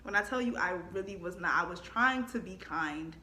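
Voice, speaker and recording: A young adult woman telling a casual storytime in an animated way, laughing often and acting out the quotes. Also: lowish voice, moderate pace. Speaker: vlogger. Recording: echoey room.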